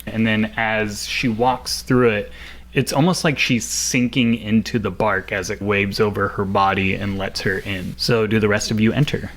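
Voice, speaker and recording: A man's voice: on the low side, fairly even intonation, normal speed, fairly bright tone. A man narrating a tabletop game as game master, casual and full of fillers.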